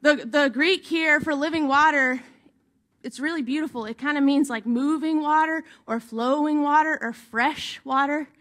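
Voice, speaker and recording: Woman pastor preaching, high bright voice, chatty, keeps saying right?. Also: normal speed. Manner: conversational preaching, often checks in with "right?". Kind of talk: sermon.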